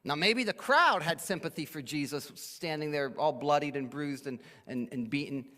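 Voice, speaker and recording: A man preaching a sermon as pastor, emphatic and animated, dropping to a hush for weight. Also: fairly high pitch, moderate pace. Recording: echoey hall.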